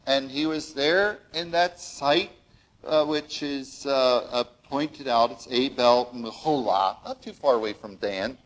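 Older male preacher, fairly high voice, very animated delivery, acts out the people he quotes. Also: low-quality recording. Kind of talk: sermon.

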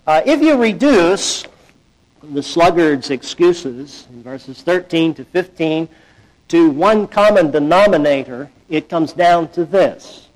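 A man preaching a sermon in a conversational, folksy way, acting out quoted voices with big swings in loudness. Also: takes it slowly, poor audio. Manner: animated, acts out quoted voices with big swings in pitch and volume. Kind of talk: expository sermon.

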